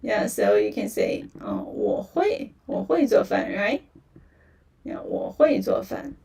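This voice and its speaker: A woman teaching beginner in a livestream, speaking slowly and patiently, repeating phrases and saying "yeah" often. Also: medium pitch, huge pitch swings, gravelly, warm tone, distant mic. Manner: slow and patient, repeats phrases many times, fillers like "yeah". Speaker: Chinese language teacher. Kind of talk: livestream language lesson.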